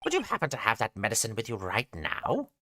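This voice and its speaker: A man's voice: fairly low pitch, huge pitch swings, a little fast, background noise, voice pushed down. A man reading aloud the lines of a composed woman defence lawyer in a video game. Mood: pointed.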